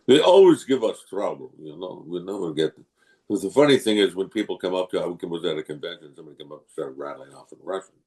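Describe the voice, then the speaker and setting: Speaking fast in a low voice, an older man from England appears as a guest voice actor in a casual interview, telling lively stories and breaking into character voices.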